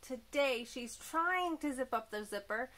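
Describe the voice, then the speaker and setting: A woman teacher giving a gentle, clearly spoken lesson to young children, addressing them as friends. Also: sits high, animated, unhurried. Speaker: preschool teacher.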